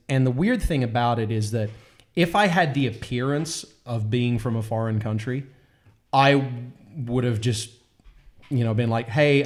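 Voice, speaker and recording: A man's voice: medium pitch, darkish tone. Aussie guy rambling on a comedy panel, self-deprecating, keeps restarting. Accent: Australian. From Australia. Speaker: comedian guest. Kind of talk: casual panel discussion.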